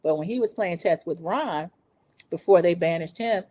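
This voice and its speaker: A woman's voice: on the low side, normal speed, mellow, no room sound. A middle-aged woman hosting a casual opinion recap, chatty and opinionated, talking straight to her viewers. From lived in the American South over twenty years. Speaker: recap host.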